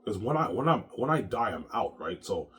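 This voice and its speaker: A man with a very deep, low-pitched voice delivers a rambling monologue. He trips over repeated words, restarting again and again, and swears freely as he goes. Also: sing-song, moderate pace, a bit bright, slight background noise. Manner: repetitive, stammering, profane.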